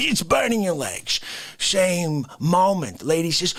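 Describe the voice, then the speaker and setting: A man hosting a live comedy stream, ranting in an animated way and swinging between shouts and whispers. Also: on the high side, slow pace. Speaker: livestream comedy host. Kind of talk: unscripted comedic rant.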